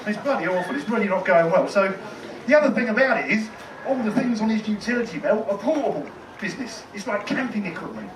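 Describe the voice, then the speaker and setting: A man's voice: sits high, expressive, quick pace. A man doing a rambling, conversational stand-up set, with a lot of swearing, in a tent in a car park. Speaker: stand-up comedian. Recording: echoey tent, distant mic, noisy.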